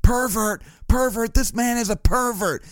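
A man putting on the voice of a furious middle-aged woman fan yelling accusations. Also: unhurried, dry recording. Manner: shrill repeated yelling.

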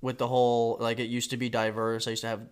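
A man hosting a podcast from a home basement, chatting casually with a rambling deadpan humor and frequent swearing. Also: medium pitch, fast, smooth. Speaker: podcast host. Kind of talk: casual comedic chat.

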